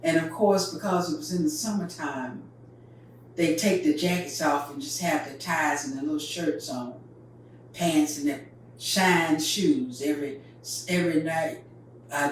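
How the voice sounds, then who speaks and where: A woman's voice: sits low, unhurried. An older woman from North Carolina, telling a story in a folksy, vivid way. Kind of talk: oral storytelling. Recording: very echoey, distant mic, faint noise.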